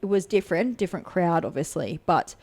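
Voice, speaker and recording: Low-voiced woman promoter, rambling. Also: lively intonation, fairly quick, darkish tone. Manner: rambling, swears freely, acts out quotes. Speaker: fight promoter and podcast co-host. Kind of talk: casual podcast chat.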